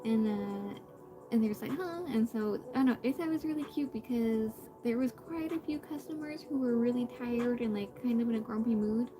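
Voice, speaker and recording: A woman's voice: on the high side, brisk, poor audio. A woman streamer chatting casually while she draws, rambling with lots of fillers and restarts, and greeting viewers in passing. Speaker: live streamer. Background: background music.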